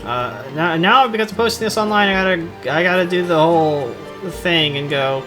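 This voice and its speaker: A man giving joking, casual commentary while playing through a game, moving between quiet asides and louder bursts. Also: fairly high pitch, moderate pace, few pauses. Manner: joking, mocking, shifts between quiet asides and excited outbursts. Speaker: let's play host. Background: game music.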